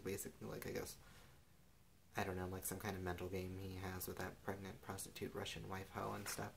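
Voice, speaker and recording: Young male recapper, deep and flat, loose rambling delivery. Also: fairly quick, creaky, a little hiss or hum, low-quality recording. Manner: rambling, heavy use of "like" and "and stuff". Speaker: TV episode recapper.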